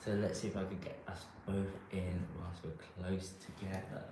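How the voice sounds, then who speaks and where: A man's voice: low-pitched, level tone, moderate pace. Man, podcast guest, cheeky and boastful, heavy room echo, faint hiss. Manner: playful, boastful. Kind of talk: casual podcast chat. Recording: echoey room, faint noise.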